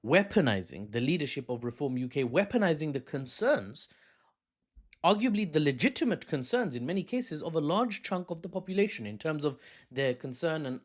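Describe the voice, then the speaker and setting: A man from the United Kingdom giving casual, sarcastic news commentary, rambling with fillers and restarts. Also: fairly high pitch.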